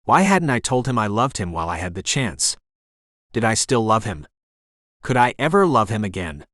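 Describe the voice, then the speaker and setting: A man narrating a romance audiobook in the first person, in a measured, introspective way. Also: on the low side, big pitch swings, fairly bright tone, no echo, studio quality.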